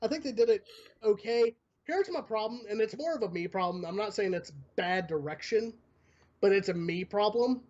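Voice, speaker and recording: A man's voice: high voice, normal speed. A man hosting a casual streamed talk show, ranting with lots of swearing. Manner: profane, ranting, animated. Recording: dull lo-fi stream audio.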